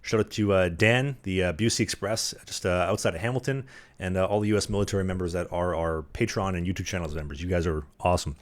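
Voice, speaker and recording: Male podcast co-host, low voice, blunt jokey banter with lots of filler words. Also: quick pace. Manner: blunt, joking, many "uh" fillers.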